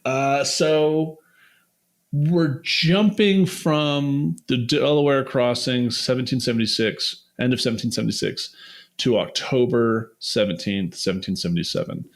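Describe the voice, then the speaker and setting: A man with an ordinary mid-pitched voice co-hosts a podcast in easy chat. He laughs readily and keeps pulling the talk back to the topic. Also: a little slow. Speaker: podcast co-host. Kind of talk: casual chat.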